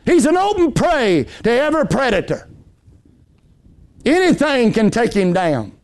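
Man, preacher, fervent sermon, high-pitched voice, folksy, swings from loud to hushed. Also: big pitch swings, measured pace, long pauses. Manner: impassioned, swinging between high emphatic lines and low hushed ones; folksy storytelling with homespun anecdotes.

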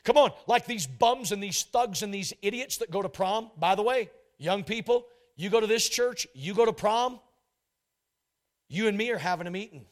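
A man's voice: high-pitched, animated, normal speed. A man preaching a sermon as a pastor, emphatic and repetitive, often acting out quoted voices. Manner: emphatic preaching, repeats phrases, mimics couples in quotes.

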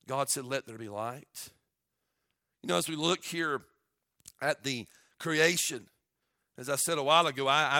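Preaching man, bright and dry. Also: on the high side, dry recording. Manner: swings from quiet storytelling to shouted preaching. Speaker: pastor. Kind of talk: sermon.

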